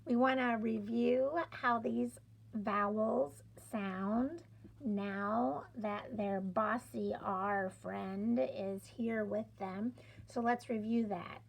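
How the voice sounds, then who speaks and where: A middle-aged woman teaching a phonics lesson, sounding out letters and stretching words clearly in an encouraging classroom manner. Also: mid-range voice, steady tone, extremely slow. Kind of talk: slow, deliberate classroom instruction.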